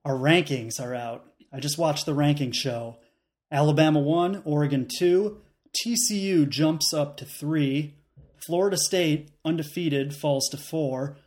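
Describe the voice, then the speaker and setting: A man co-hosting a casual sports podcast, riffing with deadpan jokes. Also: on the high side, a little slow. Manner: jokey, deadpan riffs. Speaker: podcast co-host.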